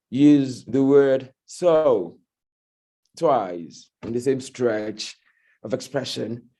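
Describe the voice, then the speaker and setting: A Nigerian man delivers a language evaluation at a speaking club meeting. He speaks slowly and deliberately, in a warm, mellow tone, correcting grammar and pronunciation. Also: mid-range voice. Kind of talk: meeting feedback report.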